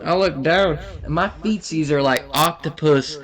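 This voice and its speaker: A young man rattles off a wild, crude story in a loose, casual way. His voice sits a little high, and he gets animated, laughing as he goes. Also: unhurried.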